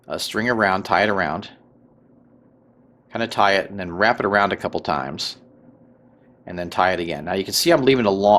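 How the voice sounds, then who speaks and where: A man with a fairly low voice narrates a tabletop crafting tutorial. He talks casually and loosely, full of fillers, and keeps checking in with the viewer. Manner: relaxed, filler-heavy, checks in with "right?" and "okay?".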